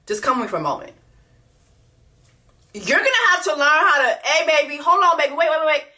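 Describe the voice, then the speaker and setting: A woman's voice: sits high, big pitch swings, fairly quick, sharp tone. A woman hosting a reaction video, talking bluntly and profanely, repeating her points for emphasis. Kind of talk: unscripted reaction commentary.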